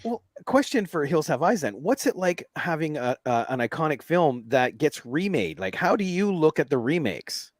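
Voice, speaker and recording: A woman with a very low voice and lively intonation hosts a casual interview. She reacts easily and asks questions in a relaxed way. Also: moderate pace, few pauses. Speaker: podcast host.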